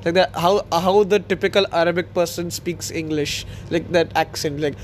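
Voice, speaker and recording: A man talks through his podcast in a loose, excitable ramble, often breaking into laughter. His voice sits high for a man. A faint hiss lies behind the recording. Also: normal speed, hardly any pauses. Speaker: podcast host. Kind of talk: casual solo chat.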